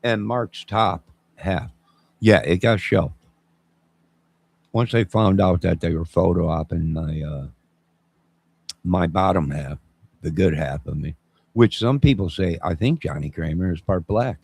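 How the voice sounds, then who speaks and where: A man in his fifties hosts his own channel, rambling and joking through a live-stream chat and answering viewers along the way. His low voice is slow and gravelly, a little mellow with a breathy edge, broken up by long pauses.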